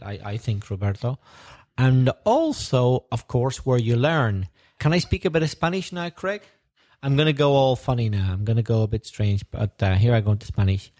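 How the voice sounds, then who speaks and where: A man co-hosting a podcast who explains things in a relaxed, thoughtful way. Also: medium pitch. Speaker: podcast co-host. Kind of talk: conversational podcast chat.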